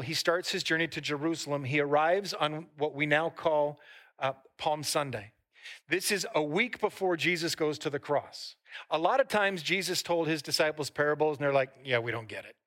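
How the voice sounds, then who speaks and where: A man preaching a sermon as pastor, talking lively with asides to the congregation and reading scripture aloud. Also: on the high side, normal speed. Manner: reads a long scripture passage aloud.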